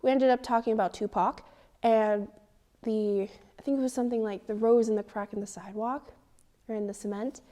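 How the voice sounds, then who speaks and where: A teenage girl telling a personal story in an interview, animated and indignant, acting out the dialogue. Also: on the high side, brisk. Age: teens. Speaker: student interviewee.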